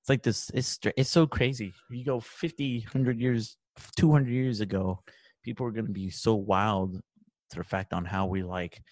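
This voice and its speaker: A man hosting a podcast, chatting casually, telling animated stories and swearing freely, with Spanish phrases dropped in. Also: fairly low pitch, normal speed, no echo. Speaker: podcast host. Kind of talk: casual chat.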